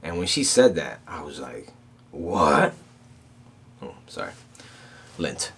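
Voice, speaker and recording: An extremely low-pitched man's voice, creaky and slightly rough, speaks at an unhurried pace. He's a motivational podcast host giving a casual talk, telling animated stories in a loose, streetwise style and constantly checking in with "right?"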